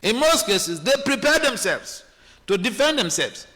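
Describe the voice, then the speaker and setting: A scripture-class speaker, this man preaches in a high voice with big pitch swings, swooping animatedly as he acts out quoted voices. Often halting and restarting his phrases, he fills a temple hall where his bright tone rings with long reverb.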